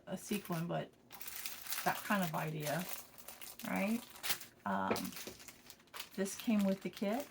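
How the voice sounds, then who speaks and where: A woman chats through a home craft tutorial in a low-pitched, easygoing voice. She sounds a little tired and talks folksily to her viewers. Crinkling plastic and small clicks are clearly heard behind her. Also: background noise. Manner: chatty, folksy, addresses viewers as y'all. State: tired, yawning. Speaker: craft vlogger. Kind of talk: casual craft tutorial chat.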